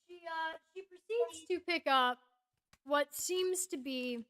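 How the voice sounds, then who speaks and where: A woman's voice: very high-pitched, slow, pushed and bright. A woman narrating a tabletop game as game master, casual and rambling with fillers.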